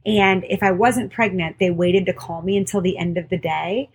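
A woman's voice: on the low side, fairly even intonation, normal speed, slight background noise. A woman midwife and podcast co-host candidly telling a personal story in casual conversation. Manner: candid, storytelling with quoted voices.

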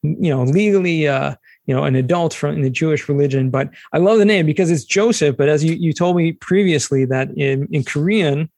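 A man's voice: a little high, fairly quick, darkish tone, dry recording. A man in his forties hosting a podcast interview, enthusiastic and upbeat. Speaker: podcast host.

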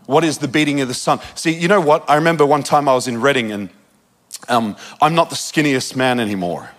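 A man from Australia with an Australian accent, preaching a sermon and telling a personal story with quick asides and laughter at himself. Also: medium pitch, a bit bright.

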